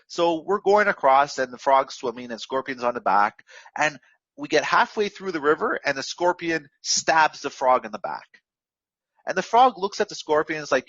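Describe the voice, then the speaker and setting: A man's voice: mid-range voice, normal speed, fairly bright tone, no echo, muffled recording. A man coaching forex traders in a casual motivational talk, rambling and full of fillers and repeats. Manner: rambling, filler-heavy, repetitive, instructive.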